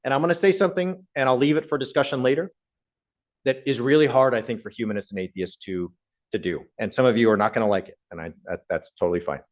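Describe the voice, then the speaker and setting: A male professor speaks to a live audience in a meeting room. His pitch sits in the middle range. His delivery is conversational, and he often turns to the audience with questions. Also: quick pace. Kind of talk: public talk to a live audience.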